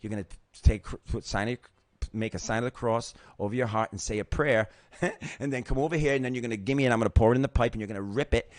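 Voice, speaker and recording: A man's voice: mid-range voice, quick pace, no room sound. A middle-aged man hosting his own show, telling a personal recovery story in a casual, emotional and profane way, acting out the other voices. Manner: emotional, profane, animated retelling with acted-out voices. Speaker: host.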